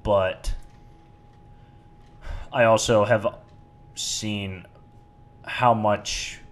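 A man's voice: fairly low pitch, fairly even intonation, very slow. A young married man on a podcast, talking things through thoughtfully in a casual chat. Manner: thoughtful, weighing both sides. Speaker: podcast co-host.

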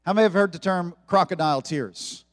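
A man preaching a sermon to his congregation, joking and animated as he talks. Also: high voice, brisk, big-room sound. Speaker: pastor. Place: church sanctuary.

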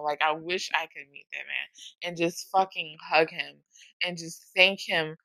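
A woman talking casually and emotionally about music, swearing often, with a gravelly voice. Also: low-pitched, a bit bright, dry recording, low-quality recording.

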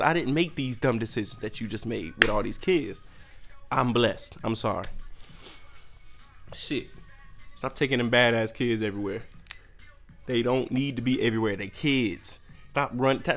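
A young man hosting a podcast, ranting in a profane, animated way with sudden jumps in pitch. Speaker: podcast host. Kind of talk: solo comedic rant.

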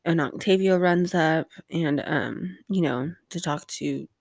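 A woman's voice: deep voice, slow pace, vocal fry, no room sound, clean studio sound. A woman hosting a casual rewatch recap of a TV episode, rambling with lots of fillers and offhand swearing.

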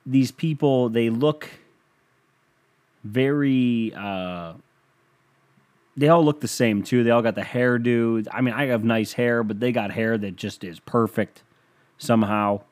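A man's voice: medium pitch, a little slow, pauses often, a little mellow. A young man hosting a podcast in a rambling, profane, self-mocking casual monologue. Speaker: podcast host.

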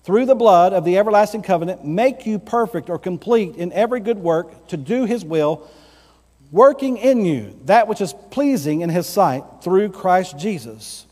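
A man pastor delivering an emphatic sermon, slowing down to stress key phrases. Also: sits high, animated, darkish tone, in a large hall.

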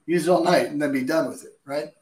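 A man's voice: on the high side, quick pace, a little mellow. Give me a man chef answering viewer questions with emphatic, casual kitchen advice, recorded in an echoey room. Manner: emphatic, chatty, direct.

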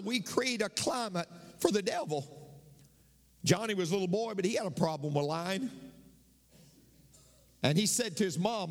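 A man preaching a sermon, emphatic and repetitive, mixing jokes with scripture and asking the audience "Amen?". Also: high voice. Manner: emphatic, repeats key phrases, tells jokes, questioning the audience with "Amen?". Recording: long reverb of a large hall.

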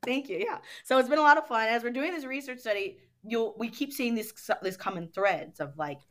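A woman guest in a casual interview, telling stories in an animated way and acting out what others said. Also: on the high side, a little fast. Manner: animated storyteller who acts out what others said. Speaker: guest, dance studio owner.

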